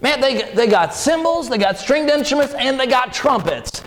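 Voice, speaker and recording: A man preaching a sermon, reading scripture and talking in an animated, conversational way with sudden jumps in pitch. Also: moderate pace, rough recording. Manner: animated, with emphatic leaps in pitch; conversational asides and restarts.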